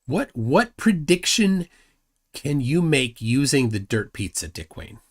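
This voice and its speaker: Guy on a livestream dunking on someone, mocking tone, pitch all over the place. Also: sing-song, slow pace. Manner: mocking, combative, reads chat aloud. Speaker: livestream host. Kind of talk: live debate commentary.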